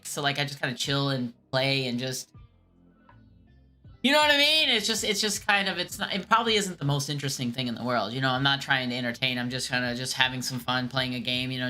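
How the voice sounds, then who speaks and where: A woman's voice: a bass voice, sharp tone. A woman streamer casually rambling through chat questions in a laid-back way, a voice she calls whiny. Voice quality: calls her own voice whiny.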